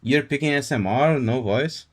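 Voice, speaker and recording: A man's voice: mid-range voice, normal speed. A male livestreamer chatting casually with his audience, laid-back and jokey, reacting to chat with laughs. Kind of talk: casual live-stream chat.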